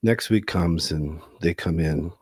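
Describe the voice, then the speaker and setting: A man who hosts a podcast and works as a couples therapist, telling a case story in a conversational, animated way. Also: sits low, unhurried, breathy edge, dry recording, studio quality. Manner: animated, laughing easily.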